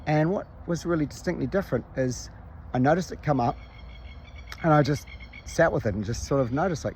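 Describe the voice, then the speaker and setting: Recorded outdoors with slight background noise, a vlogger candidly tells a personal story in a conversational, self-reflective way. His voice is a little high, fairly quick and darkish in tone.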